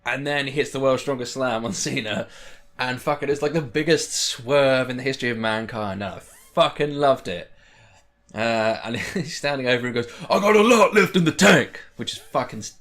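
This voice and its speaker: A young man talks in a loose, rambling vlog style. His voice sits at an ordinary middle pitch. He gets excited easily and swears freely. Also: moderate pace. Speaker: wrestling vlogger. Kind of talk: casual chat.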